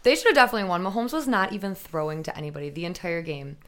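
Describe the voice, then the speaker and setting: A bubbly woman chats as a guest on a casual podcast. She talks in an animated way, laughs easily, and gets loud when she is excited. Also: lowish voice, rapid-fire. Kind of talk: casual chat.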